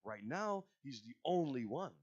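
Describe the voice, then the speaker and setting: A man telling a religious story in a sermon, expressive and speaking directly to his listeners, recorded at a religious centre. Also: mid-range voice, measured pace, husky, dull audio. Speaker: majlis speaker.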